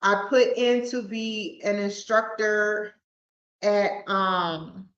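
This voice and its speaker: A woman's voice: medium pitch, drawn-out words, fairly bright tone. A woman hosting her own podcast in a casual, rambling solo talk, often restarting her sentences. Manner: rambling, with frequent restarts and stumbles. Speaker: podcast host. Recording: roomy, dull lo-fi sound.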